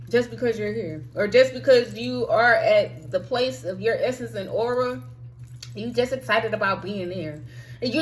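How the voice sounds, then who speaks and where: A woman's voice: on the high side, a bit bright, rough recording. A woman hosting a spiritual self-help talk, preaching emphatically with frequent swearing and sudden outbursts.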